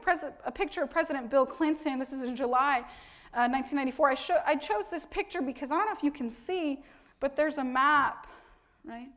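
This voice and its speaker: A woman lecturer giving a university talk in a conversational way, often checking in with the audience. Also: sits high. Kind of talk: academic lecture. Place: lecture hall.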